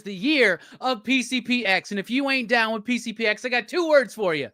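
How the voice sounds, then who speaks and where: A man's voice: extremely high pitch, expressive, brisk, few pauses, bright, forceful tone, no echo, clean studio sound. A man hosting a movie review panel, brash and joking, swearing freely. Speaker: host. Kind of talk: casual movie review chat.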